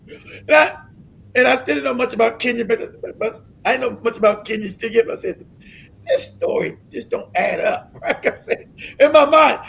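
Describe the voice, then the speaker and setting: A man hosting a live stream, ranting in an animated, incredulous way, swearing freely and breaking into laughter. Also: very high voice, gravelly, slight background noise. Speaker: livestream host.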